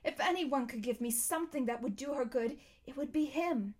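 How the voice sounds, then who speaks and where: A woman's voice: sits high, a little fast. A woman reading a storybook aloud and voicing an earnest, determined young boy who speaks urgently.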